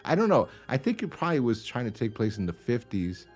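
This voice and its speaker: A man's voice: medium pitch, sing-song, fast, faint music behind. A man co-hosting a podcast in casual chat, rambling, laughing and swearing as he retells stories. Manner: rambling, swears and laughs often, acts out quotes. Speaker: podcast co-host.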